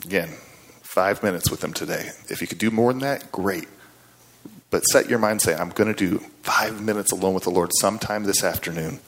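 A middle-aged man delivers a sermon in a slightly low voice. He talks in a conversational, folksy way, with casual asides to the congregation. When he presses a point, his voice climbs and gains emphasis. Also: a little fast, fairly bright tone. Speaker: guest preacher.

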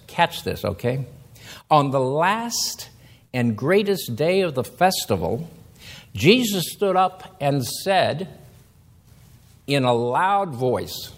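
Male preacher, husky, animated sermon delivery. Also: fairly high pitch. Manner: reads scripture slowly, then explains with emphatic rises.

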